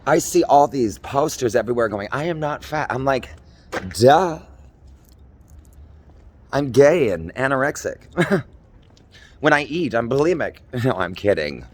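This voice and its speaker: A man's voice: medium pitch, sing-song, normal speed. A man in his forties from Minnesota, doing a theatrical, rambling improvised comedy monologue while walking outdoors on city streets. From Minnesota, USA. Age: 40s. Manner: theatrical, campy, rambling jokes. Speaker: vlogger.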